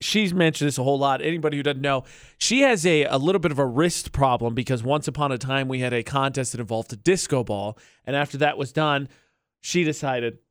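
A man's voice: on the high side, fairly quick, smooth, dry recording, studio quality. A man hosting a radio show, chatty and often laughing, talking through a call-in segment. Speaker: radio host. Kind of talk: casual radio banter.

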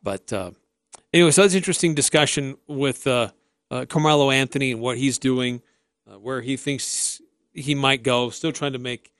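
A man co-hosting a sports radio show, making his points in a measured, thinking-aloud way. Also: medium pitch, a bit bright, no echo. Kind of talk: casual sports talk.

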